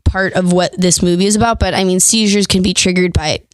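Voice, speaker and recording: A woman's voice: fairly low pitch, steady tone, fairly quick, dry recording. A woman actor chatting as a podcast guest, casual and talkative with lots of fillers. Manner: chatty, laughs often, many fillers. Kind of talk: casual chat.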